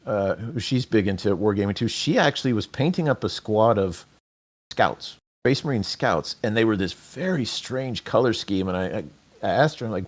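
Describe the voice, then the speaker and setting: Podcast host, male, lowish voice, loose rambling delivery. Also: expressive, normal speed. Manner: rambling, restarts mid-sentence. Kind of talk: casual interview chat.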